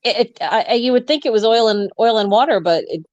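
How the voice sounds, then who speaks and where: A woman's voice: fairly high pitch, expressive, fast talker, darkish tone, dry recording, lo-fi sound. A woman from upstate New York co-hosting a podcast, chatty and self-deprecating, stumbling over her restarts. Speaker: podcast co-host. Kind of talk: casual podcast chat.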